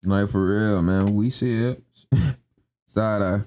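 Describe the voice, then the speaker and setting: A man's voice: on the low side, takes it slowly, warm tone. A young man ranting emphatically in slangy casual talk on a live stream, repeating his points. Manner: emphatic, repetitive, slangy, keeps asking "you know what I'm saying".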